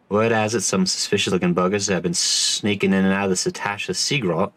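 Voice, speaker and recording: A man voicing a rough, slangy tavern keeper in a game, with a put-on accent. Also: on the low side, fairly bright tone. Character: rough salty male tavern keeper, middle-aged. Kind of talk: reading game dialogue aloud in voices.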